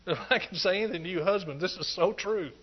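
This middle-aged pastor has a high voice and gives a folksy sermon full of jokes, now and then bursting into lively shouts of praise. He talks fast with a breathy edge, and the recording sounds dull and lo-fi.

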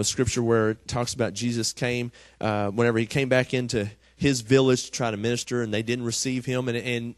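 A man preaches in a loose, conversational sermon. His voice is mid-pitched and sounds dry and close, with no room echo. He repeats his words as he talks and now and then asks for an "Amen?". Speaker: pastor.

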